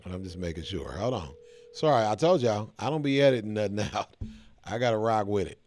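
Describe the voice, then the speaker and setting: A man's voice: lowish voice, animated, brisk, darkish tone, slight background noise. A middle-aged American man hosting a reaction video, talking to his viewers in a laid-back, chatty way. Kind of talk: casual reaction commentary.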